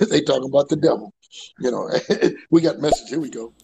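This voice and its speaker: A man hosting a casual comedy podcast from outdoors. He stammers and repeats words, tells crude jokes and breaks into loud laughter. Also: on the high side, brisk, vocal fry, husky, low-quality recording. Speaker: podcast host. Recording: live call-in podcast.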